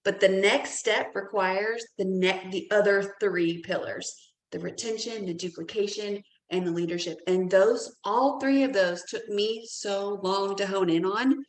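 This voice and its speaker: Encouraging woman in an echoey room. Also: medium pitch. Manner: fast, encouraging, emphatic. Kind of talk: quick encouraging interjection. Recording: roomy, echoey call audio.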